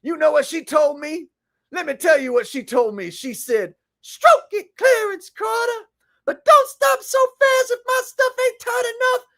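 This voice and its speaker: A man putting on a rowdy, over-the-top soul singer, shouting and boasting. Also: extremely high pitch, unhurried, voice pushed up. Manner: shouting, wild.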